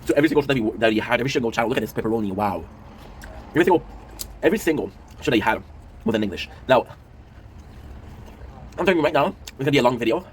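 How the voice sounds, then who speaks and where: Guy in his 30s rambling fast to camera, lots of ums, swears a bunch, light background noise. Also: medium pitch, animated. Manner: rambling, emotional, swearing, with many fillers. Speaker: commentary show host. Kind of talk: casual chat to camera.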